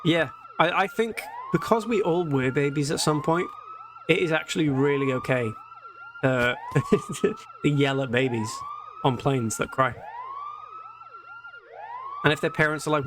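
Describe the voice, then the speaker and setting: A man's voice: a little high, big pitch swings, moderate pace, long pauses, background noise. A man chatting and joking while streaming a video game, reading its text aloud. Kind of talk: casual live-stream gameplay chat. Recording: game music and siren alarm behind.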